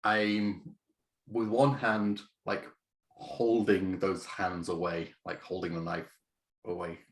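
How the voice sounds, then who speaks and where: A man's voice: low voice, flat delivery, takes it slowly. A man playing a tabletop role-playing game, thinking aloud and describing his character's actions with many fillers. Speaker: player.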